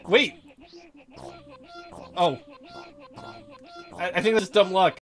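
A man's voice: high voice, animated, unhurried, long pauses, fairly bright tone. A man hosting a let's play, rambling and joking with constant profanity. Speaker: gaming video host.

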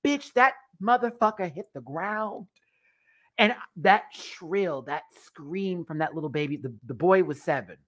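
A woman in her thirties hosting a live stream, telling stories in a loud, animated, profane way and laughing often. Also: on the low side, measured pace. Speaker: show host reviewing a TV competition. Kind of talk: casual live stream chat.

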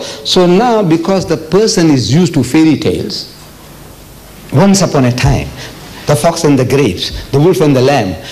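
A man's voice: high-pitched, a little mellow, poor audio. An older man from South Africa giving a public religious lecture, emphatic and repetitive, with frequent rhetorical questions. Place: lecture hall.

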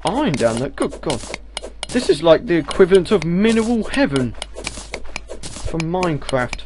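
A man giving casual gameplay commentary on a headset, excitable, breaking into loud exclamations and talking back to enemies on screen. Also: a little high, moderate pace, noisy background. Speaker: video game let's player. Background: game music.

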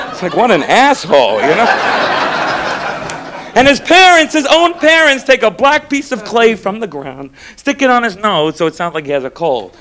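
A high-voiced, lively stand-up comedian from Florida performs a comedy set onstage before a live audience, talking at normal speed. He's animated and bursts into shouted impressions, and the noisy recording carries the crowd's laughter.

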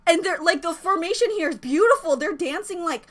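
A young woman reacting to a music video as an excited fan, gushing and exclaiming, thinking out loud with lots of "like"s. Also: very high voice, brisk. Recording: faint music behind the voice.

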